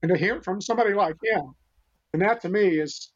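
An older man from the United States speaks in a high register, earnest and full of restarts as he tells his stories. The audio sounds dull and lo-fi, like a remote interview. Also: fast. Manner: earnest, rambling, many restarts. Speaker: podcast guest, animal rescuer. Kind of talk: casual interview storytelling.

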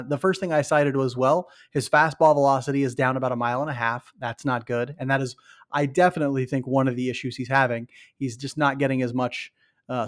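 A man co-hosting a casual sports podcast, breaking down stats and reading a sponsor spot. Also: mid-range voice. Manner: analytical, reads ad copy and stats. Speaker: podcast co-host.

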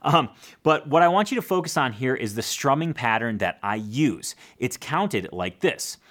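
A man's voice: mid-range voice, very animated, normal speed, a bit bright. A man teaching a casual guitar lesson, explaining plainly, counting strum patterns aloud and adding self-deprecating asides.

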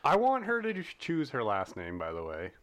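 Joking podcast co-host, man, animated pitch, playful. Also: moderate pace. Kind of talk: casual chat.

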